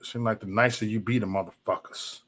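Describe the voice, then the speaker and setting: A man's voice: fairly low pitch, steady tone, brisk, fairly bright tone. A man hosting a live stream, ranting profanely at chat trolls in a loose, mocking way. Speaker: livestream host.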